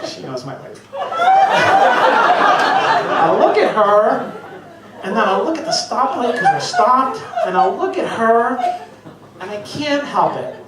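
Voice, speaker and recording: A middle-aged man working a live stand-up set, his pitch leaping up and down as he tells profane, self-mocking family stories. The sound is roomy and distant, with loud ambience filling the space around him. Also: very animated, takes it slowly, long pauses, heavy background noise. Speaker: stand-up comedian. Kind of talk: stand-up routine. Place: stage before a live audience. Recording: echoey venue, voice heard from a distance, loud ambience.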